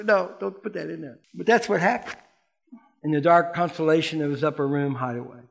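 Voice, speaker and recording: A man preaching a sermon in a lively, playful way, asking the congregation questions and acting out the voices in the story. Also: fairly high pitch, gravelly. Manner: animated, playful preaching that asks the congregation questions and acts out quotes. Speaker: pastor.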